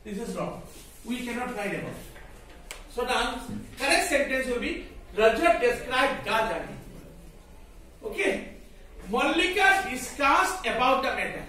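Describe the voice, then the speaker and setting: A man's voice: extremely high pitch, sharp tone, recorded from a distance. A male English teacher giving a grammar lesson to a class, asking questions and having students repeat the rules. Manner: repetitive, questioning, drills students in call-and-response. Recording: very echoey room, voice from afar.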